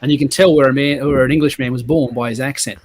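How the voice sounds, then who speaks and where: An Australian man talks quickly and easily in a casual podcast chat. He rambles from point to point in a laid-back, friendly manner, at a mid pitch. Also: steady tone. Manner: rambling, easygoing storyteller. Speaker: podcast guest.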